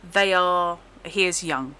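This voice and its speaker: A woman's voice: fairly low pitch, takes it slowly, pushed and bright, clear, resonant tone. A woman narrating a tabletop game as game master, with descriptive, wry narration.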